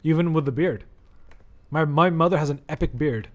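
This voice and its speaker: A man's voice: a little high, moderate pace, a little hiss or hum. A man streaming a video game, chatting casually, swearing and yelping as he fights a boss. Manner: chatty, swears, yelps at hits. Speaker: gaming streamer. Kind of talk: live gameplay commentary.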